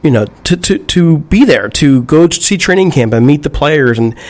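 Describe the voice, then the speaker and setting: A man's voice: on the high side, lively intonation, moderate pace, darkish tone. A man co-hosting a casual podcast, speaking thoughtfully with occasional stammered restarts. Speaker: podcast co-host. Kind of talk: casual chat.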